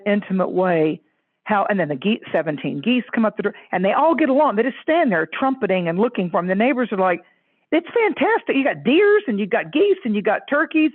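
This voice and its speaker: A woman astrologer, a guest, telling stories in an effusive, animated way and leaping into high voices when she quotes others. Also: dry recording. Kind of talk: animated storytelling chat. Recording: tinny phone-line audio.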